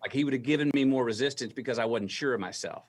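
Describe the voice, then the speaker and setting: Gravelly-voiced man telling a story. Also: medium pitch. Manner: slow, deliberate storytelling, acting out remembered dialogue. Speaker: guest. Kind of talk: storytelling interview.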